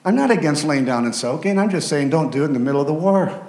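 A man preaching a dramatic sermon, acting out the voices of people in the story and swinging from excited shouts to hushed tones. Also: on the high side, fast talker, roomy sound. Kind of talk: animated sermon with acted-out voices.

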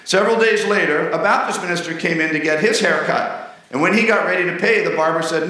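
A man pastor with a high, bright voice delivers a sermon full of folksy jokes. His voice rings out in a strongly echoing church hall. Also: a little fast, far from the mic. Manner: folksy, joking storyteller. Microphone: mic on a stand, then handheld. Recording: echoey hall.

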